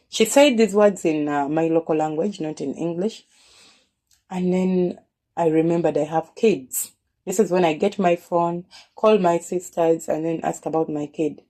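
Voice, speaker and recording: A woman's voice: lowish voice, unhurried, mellow. A woman telling a personal story in an earnest way, often repeating words and restarting her phrases.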